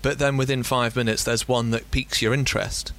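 Mid-voiced male host, wry and halting, leading a casual review. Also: medium pitch, steady tone, gravelly, fairly bright tone. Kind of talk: casual film review chat.

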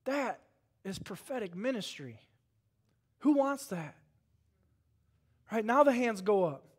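A man in his forties, a pastor, preaching a sermon with dynamic swings from hushed to loud and fervent. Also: sits high, sing-song, slow, slightly rough.

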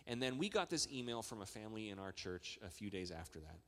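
Animated male pastor in a reverberant hall. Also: lowish voice, quick pace. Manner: conversational and animated, building to excited emphasis. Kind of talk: sermon. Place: church hall. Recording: long reverb of a large church hall.

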